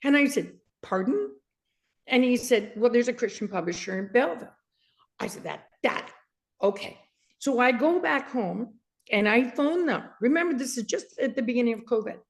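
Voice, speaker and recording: A woman's voice: fairly high pitch, normal speed. A woman in her sixties from Canada, a guest author recounting a story with frequent laughter and acted-out dialogue. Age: 60s. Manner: lively, laughs often, acts out quoted dialogue. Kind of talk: animated storytelling in an interview.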